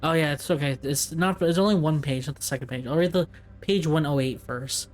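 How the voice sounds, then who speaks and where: A man's voice: a little high, a little fast. A man playing a story game, casually chatting and reading in-game documents aloud, often chuckling and stumbling over tricky words. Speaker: let's play gamer.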